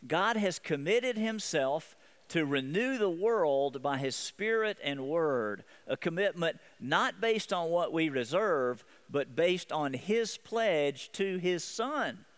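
A man's voice: on the high side, animated, slow pace, fairly bright tone. A man preaching a sermon as pastor, earnest, often repeating and restarting his phrases.

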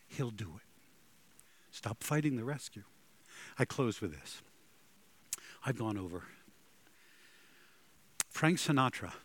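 A man preaching a sermon, telling stories dramatically and swinging between loud and hushed delivery. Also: medium pitch, no room sound. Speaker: pastor.

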